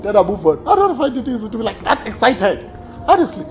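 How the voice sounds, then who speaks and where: High-voiced animated preacher. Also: male voice, fast talker, soft background music. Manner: animated, swings from loud exclamations to quiet asides, frequent laughs. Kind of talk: sermon. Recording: slightly dull recording with faint room ambience.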